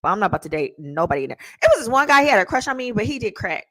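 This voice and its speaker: A woman attorney hosting a show, telling stories in a casual, slangy, animated way with laughing asides. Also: medium pitch, rapid-fire. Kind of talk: casual storytelling chat.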